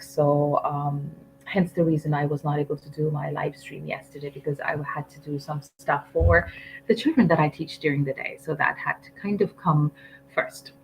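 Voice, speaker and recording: A woman's voice: fairly low pitch, a little hiss or hum, rough recording. A woman teaching English on a live stream, chatty and firm, reading out viewer comments with lots of ums.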